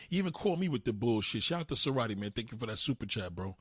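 A man hosting a livestream, ranting in a profane, animated way. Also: mid-range voice, quick pace, breathy edge, dry recording, clean studio sound. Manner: profane, animated, swinging delivery. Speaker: livestream host. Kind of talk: ranting comedic commentary.

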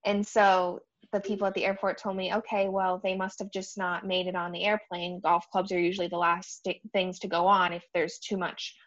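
A woman's voice: fairly low pitch, little pitch movement, moderate pace, hardly any pauses, fairly bright tone. Hesitant young woman, dull recording. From Rhode Island. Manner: hesitant, many "um"s. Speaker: guest golfer. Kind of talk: casual storytelling. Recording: dull lo-fi sound.

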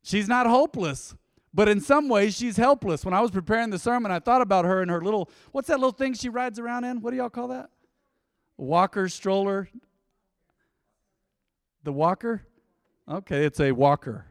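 A man's voice: sits high, animated, normal speed, pauses often, dry recording, clean studio sound. A man preaching a sermon to his congregation in a conversational, playful way with asides. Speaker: pastor. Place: church before a congregation.

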